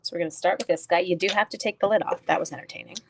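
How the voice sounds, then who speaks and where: A woman's voice: lowish voice, rapid-fire, gravelly, background noise. A middle-aged woman teaching a card-making class live, chatting casually, greeting viewers by name and making self-deprecating asides. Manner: rambling storyteller mid-task. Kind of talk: casual live-stream craft tutorial.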